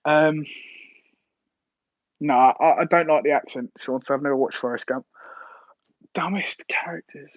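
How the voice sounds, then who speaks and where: A man's voice: mid-range voice, steady tone, moderate pace, long pauses, dry recording, highs cut off. A man hosting a casual live stream, rambling and hesitant with lots of fillers and restarts as he answers viewers' questions.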